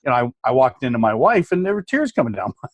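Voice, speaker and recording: A man's voice: medium pitch, sing-song, fast, dry recording, highs cut off. A man in his forties, a life coach, telling a personal story in a podcast interview and acting out past conversations. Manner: earnest storytelling, acts out quoted exchanges. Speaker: abundance coach, guest.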